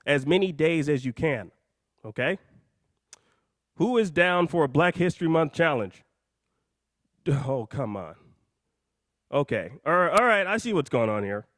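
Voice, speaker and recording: Breathless guy hosting a live show, kinda high voice, hyped and rambly, dry close mic. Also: expressive, a little slow, long pauses, no echo. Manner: hyped, jokey, rambling, swings loud and soft. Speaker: host of a live call-in show.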